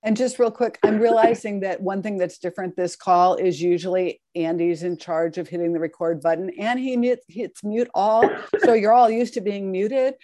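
The host of a group video call explains a small mix-up lightly and apologetically. The voice is mellow and dark, and it sounds dry and close. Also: mid-range voice, steady tone, moderate pace, few pauses, dry recording. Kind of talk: casual video call chat.

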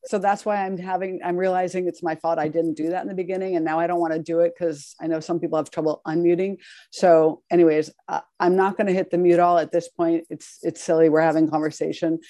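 The host of a group video call explains a small mix-up lightly and apologetically. The voice is mellow and dark, and it sounds dry and close. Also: mid-range voice, no echo. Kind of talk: casual video call chat.

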